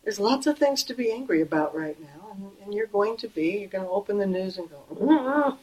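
A middle-aged woman giving a Buddhist dharma talk in a gentle, conversational way, slowing and softening on key phrases. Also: medium pitch, rough recording. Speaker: Buddhist teacher.

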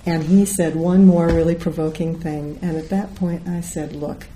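A woman's voice: low voice, steady tone, moderate pace, few pauses, warm tone, slight background noise, rough recording. A middle-aged woman giving a Zen dharma talk, telling a story and acting out the voices of the people in it. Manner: storytelling, acts out quoted voices. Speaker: Zen teacher.

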